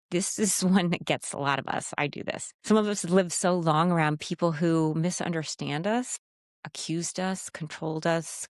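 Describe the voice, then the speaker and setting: A woman's voice: fairly low pitch, dry recording, clean studio sound. A woman giving a direct, emphatic faith-based talk on speaking with authority, sometimes acting out timid phrasings in a raised voice. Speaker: Christian speaker and coach. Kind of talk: teaching monologue on speaking with authority.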